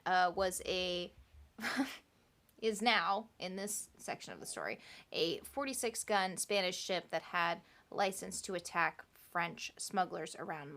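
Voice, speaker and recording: A woman's voice: mid-range voice, fairly bright tone. A woman co-hosting a podcast, telling a history story in a casual, chatty way with laughing asides. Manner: chatty, laughing asides and playful quoted voices.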